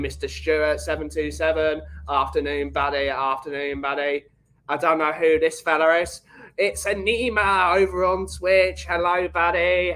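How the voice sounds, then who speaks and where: A man's voice: a little high, fairly bright tone, low-quality recording. A man who runs a small coffee company, chatting casually on a livestream and greeting viewers in the chat by name. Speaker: coffee shop owner and livestream host.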